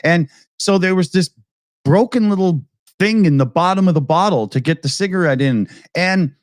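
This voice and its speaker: A man's voice: sits high, animated, moderate pace, no echo, clean studio sound. A man hosting a casual talk show, telling rambling stories with lots of laughs. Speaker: show host. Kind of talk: casual chat.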